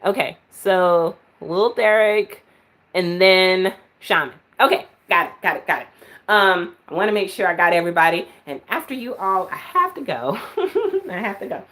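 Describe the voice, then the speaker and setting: A woman's voice: medium pitch, lively intonation, normal speed, a bit bright. A woman giving live-stream psychic readings, chatty and full of filler words, at times laughing. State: out of breath. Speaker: psychic reader.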